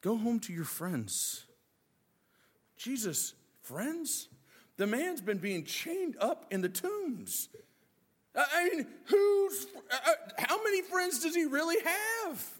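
A man preaching a lively sermon, acting out the disciples' voices with joking asides. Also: extremely high pitch, slow pace, big-room sound. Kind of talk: animated sermon.

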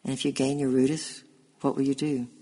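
A man's voice: mid-range voice, level tone, a little fast, mellow, husky, close to an everyday voice, poor audio. A man reading the questions of an anxious young slave boy in a storybook. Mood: anxious, curious.

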